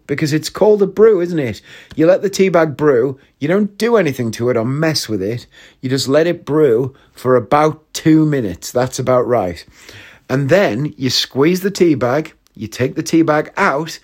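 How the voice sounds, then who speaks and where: A man's voice: medium pitch, darkish tone. A young man hosts his podcast and runs through comic anecdotes in a loose, rambling way. He swears freely and keeps the tone cheeky and casual. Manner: chatty, swears freely, jumps between anecdotes. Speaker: podcast host. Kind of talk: casual comedic monologue.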